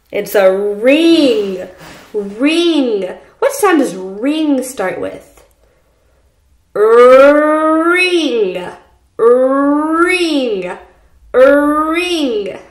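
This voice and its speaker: A woman teaching a preschool phonics lesson from home, speaking slowly and repeating letter sounds for young children. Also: sits high, echoey room. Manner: slow, sing-song, repeats sounds for children. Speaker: pre-K teacher.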